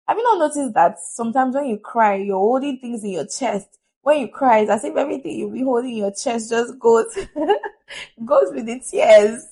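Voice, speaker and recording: A woman's voice: on the high side, normal speed, warm tone. A woman giving a chatty, earnest motivational talk to camera, laughing often. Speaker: vlogger.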